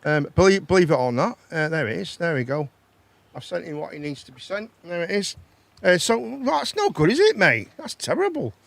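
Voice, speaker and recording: Chatty chat-show host, high lively voice. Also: male voice, normal speed, gravelly. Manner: chatty, teasing, laughs often. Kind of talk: live chat show and phone-in.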